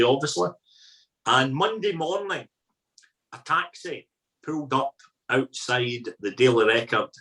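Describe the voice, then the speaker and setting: A middle-aged Scottish man, a podcast guest telling colloquial, lively stories as a food critic. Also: mid-range voice, low-quality recording. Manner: colloquial, animated raconteur. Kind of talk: anecdotal storytelling.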